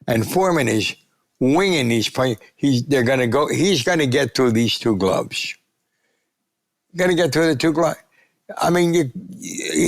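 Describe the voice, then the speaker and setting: Man in his nineties, gravelly voice, animated storyteller, acts out quoted voices. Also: mid-range voice. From United States. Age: 90s. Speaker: guest sportswriter. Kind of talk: storytelling interview.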